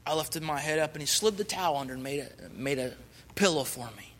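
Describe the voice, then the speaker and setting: Missionary guy telling his testimony, bright clear voice, big hall echo. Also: fairly high pitch, lively intonation, fairly quick. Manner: earnest, rising fervently when reciting scripture. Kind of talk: personal testimony storytelling.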